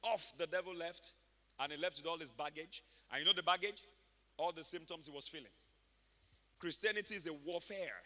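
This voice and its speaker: A man preaching a sermon as a pastor, animated and emphatic, often shouting. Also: a little high, a little fast. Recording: reverberant church hall.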